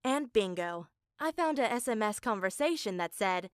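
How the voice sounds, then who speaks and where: A woman's voice: medium pitch, expressive, moderate pace, clear, resonant tone, no echo, clean studio sound. A woman narrating a first-person story in an earnest, emotional way.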